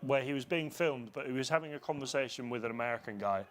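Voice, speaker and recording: A man's voice: mid-range voice, slight background noise. A man hosting a live football chat show, talking casually with co-hosts and jumping into match commentary. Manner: chatty, quick to jump into commentary.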